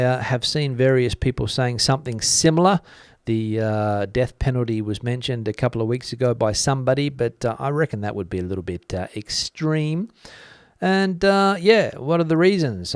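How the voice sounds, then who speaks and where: A man's voice: mid-range voice, clear, resonant tone, dry recording. Casual male news host, dry close sound. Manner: relaxed, many "uh" fillers, reads comments aloud and muses. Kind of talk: casual news commentary reading viewer comments. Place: lives in Spain.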